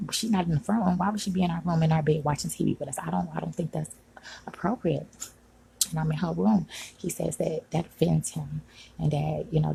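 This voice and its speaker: A woman venting in an upset vlog, talking agitatedly and sometimes dropping to a hush, recorded at home on a phone. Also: low voice, gravelly, a little hiss or hum, poor audio. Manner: agitated, venting, frequent "like" and "you know". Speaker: vlogger. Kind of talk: upset personal vlog rant. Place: home room.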